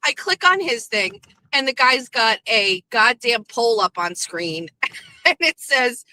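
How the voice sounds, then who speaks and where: A woman host chatting casually while driving, telling a story in a punchy, profane, animated way. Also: on the high side, slow pace, low-quality recording. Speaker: vlogger and show host. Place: in a car. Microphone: phone in a dashboard holder.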